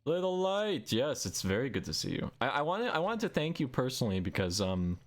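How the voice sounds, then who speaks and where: A man live-streaming a survival game, chatting excitably and playfully and making silly sound-effect noises. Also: mid-range voice, a little fast.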